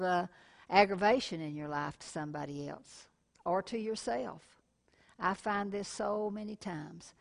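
A middle-aged woman preaching a televised sermon in a folksy way, calling listeners honey and telling personal stories. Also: medium pitch.

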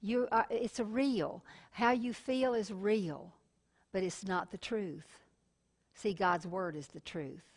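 A woman's voice: medium pitch, slow, husky. Folksy woman TV preacher. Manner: folksy and warm, calls listeners honey, tells personal stories. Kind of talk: sermon.

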